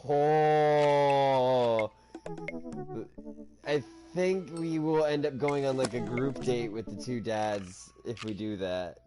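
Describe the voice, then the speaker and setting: A man's voice: mid-range voice, measured pace, hardly any pauses. A man co-hosting a casual let's-play, chatting and reading game text aloud, often laughing. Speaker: gaming channel co-host. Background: game music.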